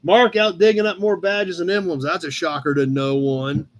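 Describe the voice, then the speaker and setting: A Midwestern American man hosts a casual live-stream chat, his voice pitched high. He rambles easily through viewers' posts, sprinkling in fillers and thanking people by name. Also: steady tone, normal speed, slight background noise. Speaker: host of a live car-hobby chat show. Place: home room with a cat nearby.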